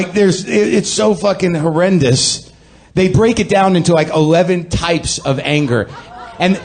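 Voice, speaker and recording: A man's voice: sits high, slight background noise. A man with a slightly raised voice rants through a comic monologue. He is sardonic and self-deprecating, and he performs to a live audience. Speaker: podcast host.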